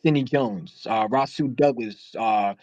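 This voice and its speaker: A man's voice: mid-range voice, a little slow, darkish tone, no echo, muffled recording. A man calling in to a sports talk show, talking casually in a rambling, heated way with many restarts. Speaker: caller. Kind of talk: casual sports call-in chat.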